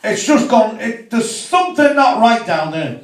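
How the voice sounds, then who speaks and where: A man's voice: very high voice, sing-song, a little slow, pitched above the performer's own voice, heavily acted. A man voicing a flustered very old man at the doctor's, stammering. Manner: stammering, dithering. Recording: echoey room, mic from far off.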